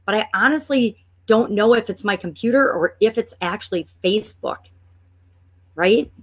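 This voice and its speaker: With a medium pitch and a breathy edge, this woman coaches online business. She clicks through a screen-shared tutorial, talking and thinking aloud, and gets playfully exasperated when her computer lags.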